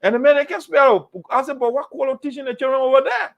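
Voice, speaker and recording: A man hosting a political talk show, animated and mocking, repeating phrases for emphasis. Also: extremely high pitch, fast talker, highs cut off. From Liberia. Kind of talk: political commentary monologue.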